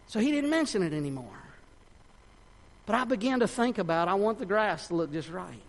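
A man preaching a sermon in a fervent, folksy way, swinging between shouts and hushed tones. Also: high-pitched, expressive, brisk, vocal fry. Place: church sanctuary. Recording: long reverb of a church hall.

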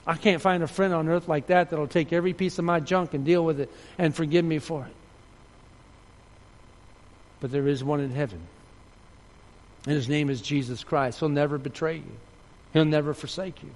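A man preaching with earnest feeling, his voice a little higher than most. He swings from loud storytelling to soft, low appeals. The sound carries a long reverb from a large hall. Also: steady tone, moderate pace, long pauses. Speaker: pastor. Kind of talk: sermon.

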